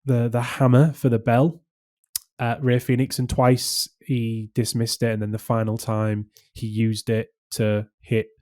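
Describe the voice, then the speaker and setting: A man's voice: mid-range voice, little pitch movement, unhurried, a little mellow. Rambling man chatting casually. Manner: rambling, lots of fillers and restarts. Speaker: podcast co-host. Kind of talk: casual chat.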